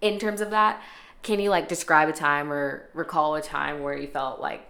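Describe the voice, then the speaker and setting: 低めの声の女性ホスト、響く部屋. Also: female voice, sits low, steady tone, moderate pace, gravelly, bright, forceful tone. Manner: chatty, laughs often, many fillers. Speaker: podcast host. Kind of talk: casual chat. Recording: roomy echo.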